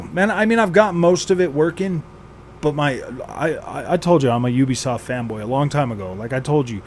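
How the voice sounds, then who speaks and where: A man's voice: mid-range voice, darkish tone, a little hiss or hum. A man hosting a gaming channel, venting with exasperation, sighing and repeating himself as he rants. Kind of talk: frustrated venting vlog.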